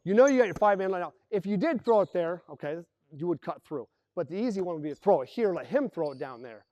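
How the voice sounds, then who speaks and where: A man coaches a basketball team in an indoor gym, his high voice moving fast as he calls out actions and explains plays. His delivery is energetic, complete with impressions of the players. The audio is dry and dull.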